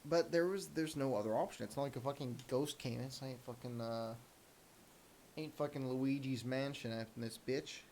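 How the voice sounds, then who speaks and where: A man's voice: medium pitch, moderate pace, a little mellow, a little hiss or hum. Profane ranting young man. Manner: heated, profane storytelling. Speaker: podcast host. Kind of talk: solo podcast rant.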